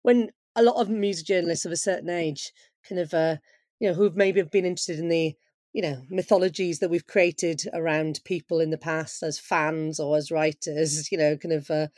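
A woman's voice: sits low, fairly even intonation, moderate pace, a little mellow, no echo. Woman podcast host, eager interviewer, dry close recording.

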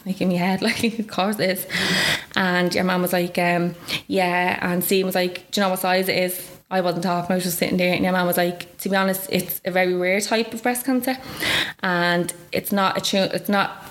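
A woman's voice: lowish voice, little pitch movement, moderate pace. A young woman with an Irish accent, telling her own story as an interview guest in a chatty way, full of "like" and acted-out quotes. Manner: chatty, lots of "like", acts out quoted voices. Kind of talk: personal story told in conversation.

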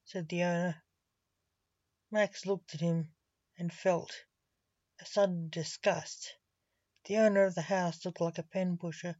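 A woman reads a short story aloud at a slow, deliberate pace. Her voice sits at a middle pitch. The sound is dry and dull, a lo-fi recording. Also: fairly even intonation, a little mellow, dry recording. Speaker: narrator.

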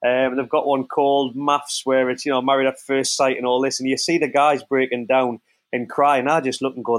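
A man who co-hosts a podcast and tells lively stories in a casual chat. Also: mid-range voice, moderate pace. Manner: lively storyteller. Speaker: co-host, former footballer.

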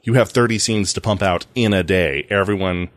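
Very deep-voiced joking male host. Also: moderate pace, no echo. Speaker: podcast host. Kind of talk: casual interview chat.

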